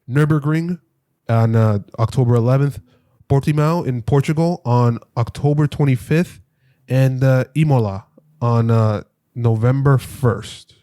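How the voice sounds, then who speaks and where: A man's voice: mid-range voice, warm tone, dry recording. Male podcast host, hesitant with fillers, dry close sound. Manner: halting, full of "uh" fillers. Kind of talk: casual chat.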